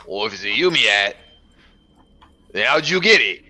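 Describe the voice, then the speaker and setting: A man's voice: on the low side, very animated, normal speed, sharp tone, full character voice. A man doing a brash, swearing gunman. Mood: blunt. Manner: crude slang and swearing, keeps asking blunt questions. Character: brash swearing human gunman, blunt and cheeky.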